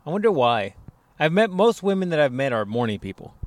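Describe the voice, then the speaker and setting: A young man co-hosting a casual chat, speaking in relaxed, easygoing slang. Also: on the high side, brisk. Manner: laid-back, easygoing slang. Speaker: podcast co-host.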